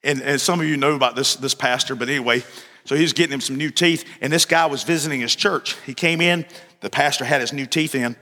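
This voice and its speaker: Male pastor, animated storytelling sermon, bright high voice, echoing church hall. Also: fast talker. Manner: animated storyteller, joking, repeats phrases.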